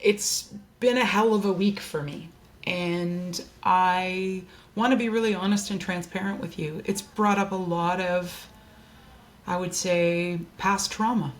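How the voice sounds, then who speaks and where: Earnest woman host, low-pitched voice. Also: fairly even intonation, unhurried. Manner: earnest, open, heartfelt. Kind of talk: candid personal monologue. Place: at her desk.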